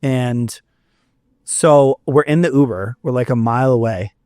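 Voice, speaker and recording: A young male musician from Fort Myers, Florida, tells a story as a guest in casual chat, animated, acting out quotes and swearing now and then. His voice is mid-range and a little slow, with studio quality and no room sound.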